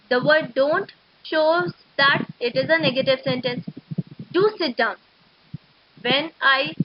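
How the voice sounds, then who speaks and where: A woman teaching an English grammar lesson to schoolchildren, explaining slowly and methodically. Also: high-pitched, no room sound. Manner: slow, explanatory, steady and methodical. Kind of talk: recorded classroom lecture. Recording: dull lo-fi recording.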